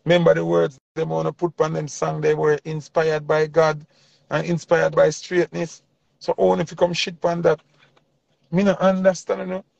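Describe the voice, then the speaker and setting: A man's voice: on the high side, little pitch movement, normal speed, gravelly, a little mellow, no echo. A man with a Jamaican accent delivering a passionate, preachy commentary rant in heavy Patois. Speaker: vlogger. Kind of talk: ranting commentary. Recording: dull lo-fi dry sound.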